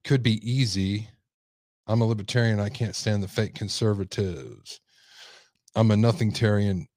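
Low-voiced man rambling through stream commentary. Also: moderate pace, a little mellow, dry recording, clean studio sound. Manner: casual, rambling, reads chat aloud. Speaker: host. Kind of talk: livestream commentary.

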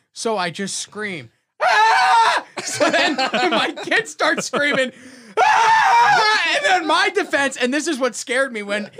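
A man's voice: very high voice, very noisy. A man in his thirties telling rambling comic stories as a podcast host, joking and laughing often. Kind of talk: casual comedic storytelling.

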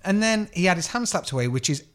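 A man's voice: high voice, lively intonation, quick pace, fairly bright tone. English man, podcast co-host, casual chat, sweary, jokey, does voices in his stories. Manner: sweary, jokey storyteller who acts out voices.

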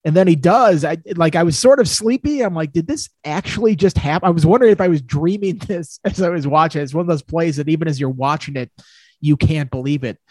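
A man co-hosting a casual college football talk show, reacting with lively disbelief. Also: on the high side, brisk, dry recording. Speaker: co-host, college football reporter.

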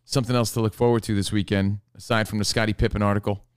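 A man's voice: on the low side, flat delivery, fast talker, clean tone, no echo, studio quality. A man hosting a casual sports talk show, laid-back and sure of his opinions.

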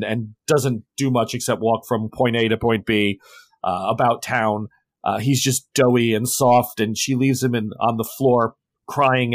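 A man's voice: mid-range voice, no room sound. A man narrating a tabletop horror game as game master, rambling with many restarts.

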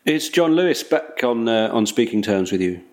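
A man's voice: mid-range voice, expressive, moderate pace. A man hosting a casual chat, asking rambling questions that restart partway through. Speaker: host.

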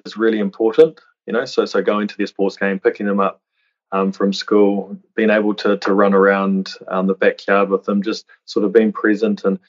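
A man in his thirties talks earnestly as a podcast guest, often restarting phrases. His voice sits low and stays level. The recording sounds dull and lo-fi. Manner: earnest, many restarts and "you know" fillers. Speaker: podcast guest, retired rugby player. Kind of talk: reflective interview talk. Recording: dull lo-fi audio.

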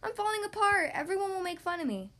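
A woman voicing a worried young male skeleton boy in a children's storybook reading, with high anxious lines. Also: very animated, measured pace, a bit bright, exaggerated voice.

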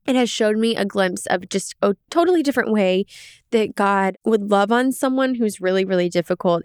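Smooth-voiced young woman telling a story. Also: medium pitch, no echo, clean studio sound. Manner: animated, candid storytelling with quoted asides. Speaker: podcast co-host. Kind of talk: casual faith podcast chat.

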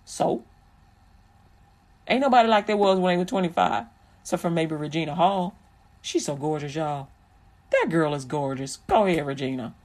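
A vlogger giving preachy, sermon-like encouragement, repeating phrases and slowing down to stretch out key lines. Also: mid-range voice, lively intonation, a little mellow. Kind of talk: preachy inspirational commentary.

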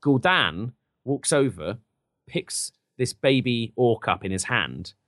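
A man's voice: mid-range voice, no room sound, clean studio sound. A man on a podcast, animatedly retelling a film in casual chat and acting out bits of it. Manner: animated storyteller, acting out scenes in quick put-on voices. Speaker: podcast host recapping a film.

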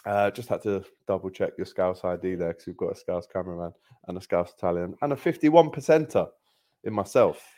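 A young man hosting a football podcast, chatting casually in an upbeat way, telling stories and giving shout-outs. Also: sits low, a little fast. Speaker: podcast host.

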